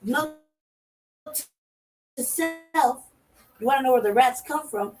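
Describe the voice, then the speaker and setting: Profane, animated woman telling a story. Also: high voice, slow. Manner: animated, acts out her own reactions. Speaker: podcast co-host. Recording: distant mic with faint noise.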